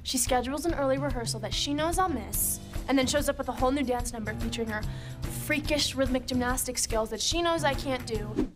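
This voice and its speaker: A woman playing an anxious teenage theater student in scripted TV dialogue, talking quickly and with worry. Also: high-pitched, natural voice. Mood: worried. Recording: TV clip with music behind.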